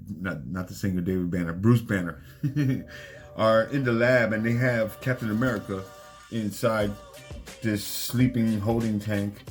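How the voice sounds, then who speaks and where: Excited man recapping comics over music. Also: lowish voice. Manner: excited, retells scenes acting out characters' lines. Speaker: comic book reviewer.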